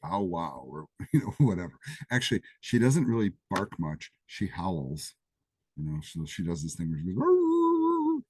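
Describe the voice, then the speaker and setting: With a low voice, a warm tone, and a breathy edge, a Greek instructor teaches programming live at a moderate pace. The session, held in a classroom or office, includes a coding demo and plenty of chatty, casual asides, with no echo.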